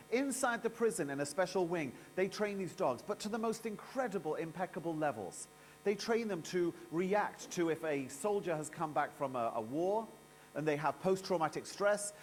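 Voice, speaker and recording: Guy hosting a live conference, spinning a big story, kinda high voice, little hum. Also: big-room sound. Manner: animated, theatrical storyteller. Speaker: event emcee. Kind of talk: storytelling speech to a live audience.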